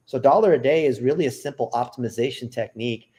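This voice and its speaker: A man as a podcast guest, explaining an ad strategy in casual interview talk, with quick asides and frequent "right?" checks. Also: mid-range voice, mellow, breathy edge. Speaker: podcast guest, marketing executive.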